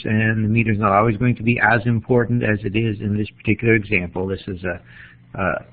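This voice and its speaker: Tinny-sounding New lecturer. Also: male voice, lowish voice. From New England. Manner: measured, explanatory, pauses to think. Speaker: literature teacher. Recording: tinny phone-like lo-fi recording.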